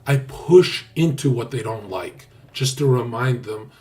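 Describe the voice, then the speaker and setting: A brash man holding forth on his livestream, boastful and quick to swear. His voice sits in a plain middle register, and soft music plays quietly in the background. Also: medium pitch, expressive. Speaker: streamer. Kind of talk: casual livestream talk.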